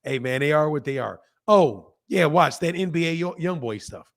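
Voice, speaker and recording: Livestream boxing host, hoarse man, a bit high-pitched, talks straight at chat and repeats himself. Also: animated, normal speed. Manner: reads out chat comments. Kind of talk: casual livestream commentary.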